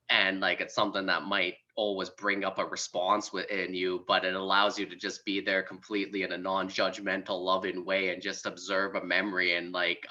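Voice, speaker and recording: A man hosting a podcast, talking casually and haltingly with lots of filler words. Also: low-pitched, pushed and bright, lo-fi sound. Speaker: podcast host.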